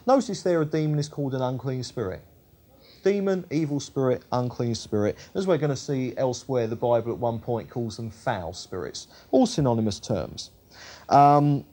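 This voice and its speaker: A man's voice: medium pitch, animated, normal speed, warm tone. A man teaching a Bible study, reading scripture aloud and then explaining it conversationally, with frequent fillers and self-corrections. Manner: corrects himself on the fly, with frequent ums and uhs.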